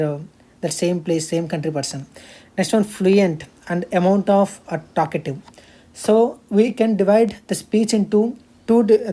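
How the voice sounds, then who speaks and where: A young woman delivers a recorded medical exam-prep lecture. Her voice sits on the low side and sounds mellow and warm. She explains point by point, often pausing on "uh" and "like" and restarting her phrasing. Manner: explains step by step with many fillers and restarts.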